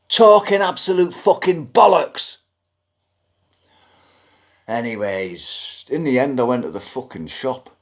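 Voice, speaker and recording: A man with a British accent ranting bluntly to camera, griping and swearing freely. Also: lowish voice. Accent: British English. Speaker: vlogger. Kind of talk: ranting monologue.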